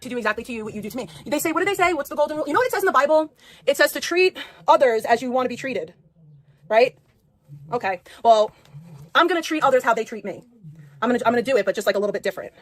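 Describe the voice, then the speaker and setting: A high-pitched woman rants on a livestream, swearing and circling back to the same points. She speaks in a quick, relentless stream with no pause. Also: expressive. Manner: ranting, profane, repeats herself. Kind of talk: angry livestream rant.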